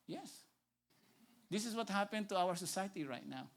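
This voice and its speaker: Filipino guy preaching, kinda high voice, keeps saying right? and repeating himself. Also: expressive, moderate pace, vocal fry. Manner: emphatic, repeats phrases, asks "right?" often; shifts between loud preaching and hushed pleading. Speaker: pastor. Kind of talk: sermon.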